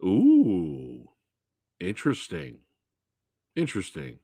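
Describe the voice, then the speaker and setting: A man's voice: mid-range voice, slow pace, creaky, breathy edge, dry recording. A man hosting a casual live Q&A stream, telling stories with lots of laughter and playing different people. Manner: animated storytelling with frequent laughter. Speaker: livestream host.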